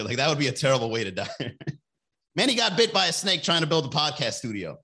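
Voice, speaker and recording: A man's voice: on the high side, very animated, brisk, pushed and bright, slightly rough. A man hosting a livestream, chatting casually with jokes and swearing. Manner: joking, profane, rambling. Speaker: livestream host.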